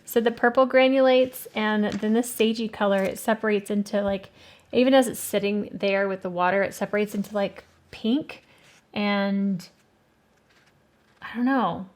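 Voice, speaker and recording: A woman's voice: medium pitch, steady tone, moderate pace, a little mellow. A woman hosting an art channel, casually reviewing watercolor paints and thinking aloud with hesitant fillers. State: has the hiccups.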